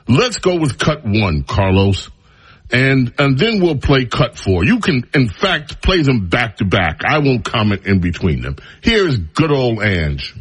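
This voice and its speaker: A man's voice: mid-range voice, slightly rough. A man hosting a talk radio show, speaking in a sarcastic, mocking monologue full of rambling asides.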